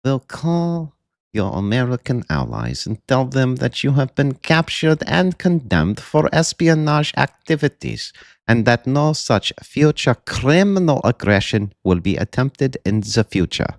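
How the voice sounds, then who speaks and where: A man putting on a stiff, slow Russian officer. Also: mid-range voice, very animated, gravelly, no echo, studio quality, voice pushed up. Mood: menacing. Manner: slow, stiff formal delivery. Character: cold menacing Russian officer, adult man.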